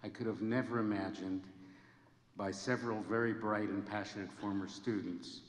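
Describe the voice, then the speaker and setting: A man in his seventies gives an earnest, measured ceremony speech in a large hall. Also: lowish voice, fairly even intonation. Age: 70s. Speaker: honorary degree recipient giving a speech. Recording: echoey hall with long reverb.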